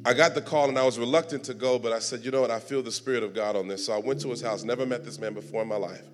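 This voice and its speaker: A man preaching a sermon, moving from quiet talk to shouted, drawn-out declarations. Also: mid-range voice, fairly even intonation, a little hiss or hum. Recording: live sermon with music playing behind. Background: instrumental music.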